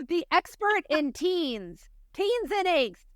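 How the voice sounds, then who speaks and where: A woman co-hosting a parenting podcast, talking in an animated, laughing, exclamatory way. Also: very high voice, slow, no room sound, clean studio sound. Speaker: podcast co-host. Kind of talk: casual interview chat.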